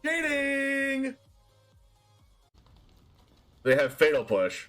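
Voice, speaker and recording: Excitable high-voiced male streamer. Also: extremely slow, soft background music. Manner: excitable, shouting and laughing at plays. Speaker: streamer playing a card game. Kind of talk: excitable gameplay commentary.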